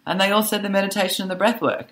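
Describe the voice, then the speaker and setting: A woman social worker and author, a guest on a podcast, telling animated stories about teaching teenagers and laughing easily. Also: medium pitch, racing. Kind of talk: conversational interview.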